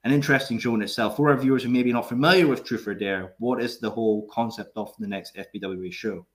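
A man's voice: mid-range voice, fairly even intonation, quick pace. A man with a Scottish accent hosting a podcast, easygoing and joking, with casual swearing. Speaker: podcast host.

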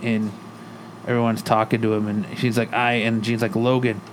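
A man's voice: fairly low pitch, little pitch movement, moderate pace, slight background noise. Man casually recapping a comic plot. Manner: retells the plot, reading character lines in his own voice. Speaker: podcast co-host.

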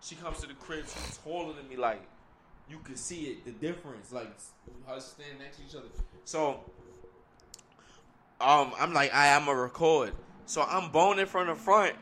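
A young man in his twenties telling a crude story in casual chat, deadpan and slangy. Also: fairly high pitch, normal speed, slight background noise.

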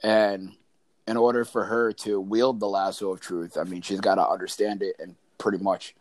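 Low-voiced, easygoing man agreeing. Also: little pitch movement, moderate pace, no room sound. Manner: agreeable, hesitant with fillers. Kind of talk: casual movie discussion.

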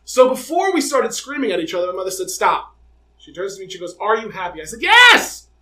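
A young adult man co-hosting a podcast, telling a personal story in a dramatic, animated way in casual chat. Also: high voice, quick pace, a crowd in the background, poor audio. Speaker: podcast co-host.

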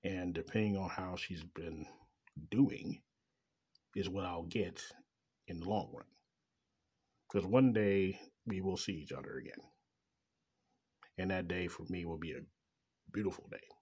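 A man's voice: low voice, a little slow, long pauses, a little mellow, husky. A middle-aged man talking in a bitter, profane, rambling personal monologue about being a father. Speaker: father venting about child support.

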